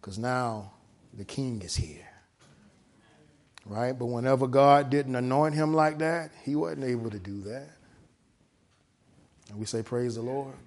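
A man with a mid-range voice preaches, reading a text aloud and then explaining it, with long pauses and a slightly slow pace. He regularly asks "right?", elongates the key words, and ranges from soft to loud.

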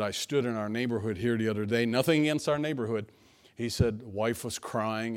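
A pastor preaching a sermon to his church, telling personal stories in a folksy manner that swings between hushed asides and emphatic lines. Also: mid-range voice. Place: church sanctuary.

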